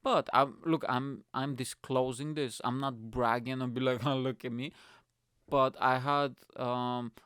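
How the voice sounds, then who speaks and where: Young male comic host, rants and swears, smooth dry voice. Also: medium pitch, a little slow, few pauses, no echo. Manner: crude, swearing, rambling, animated. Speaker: comedian and podcast host. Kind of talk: casual solo podcast rant. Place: alone at home.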